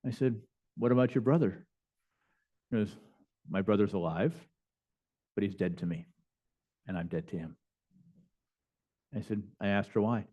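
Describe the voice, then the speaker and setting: Low-voiced bishop telling stories. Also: male voice, moderate pace, long pauses, mellow, dull audio. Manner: conversational, with frequent fillers and restarts. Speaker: bishop and chaplain. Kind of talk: lecture storytelling. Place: lecture hall.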